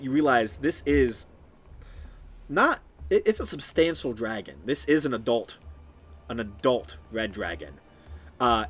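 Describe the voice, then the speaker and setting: Man narrating as game master. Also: medium pitch. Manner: descriptive, with many ums and restarts. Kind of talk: narrating a tabletop game on a live stream.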